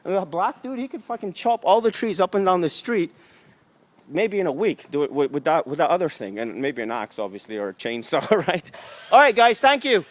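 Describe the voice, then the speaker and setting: A man's voice: fairly high pitch, lively intonation, fairly quick. A man vlogging outdoors on a residential street, ranting angrily with heavy swearing and sarcasm into a handheld camera. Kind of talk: profane ranting street vlog.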